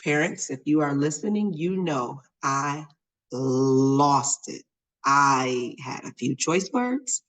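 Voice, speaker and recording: A middle-aged woman hosting a podcast, telling a personal story in an animated, expressive way with many fillers. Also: low-pitched, unhurried, hardly any pauses, low-quality recording. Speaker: podcast host.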